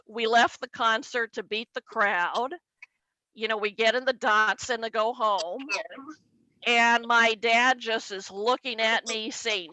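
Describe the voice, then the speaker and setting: Slow-talking woman comedian, bright tone. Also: fairly high pitch, no echo, poor audio. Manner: animated, acts out characters. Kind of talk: stand-up storytelling.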